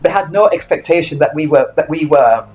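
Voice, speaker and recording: A woman's voice: low-pitched, fairly quick, highs cut off, soft background music. Older woman from Saint Kitts recalling her life. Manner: reflective, animated when acting out quoted exchanges. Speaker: interviewee. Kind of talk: oral history interview.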